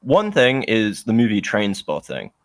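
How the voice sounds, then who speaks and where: A man's voice: lowish voice, huge pitch swings, a little slow, no room sound. A young British man co-hosting a podcast, chatting casually and ranting in an opinionated, sardonic, rambling way. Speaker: podcast co-host. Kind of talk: casual chat.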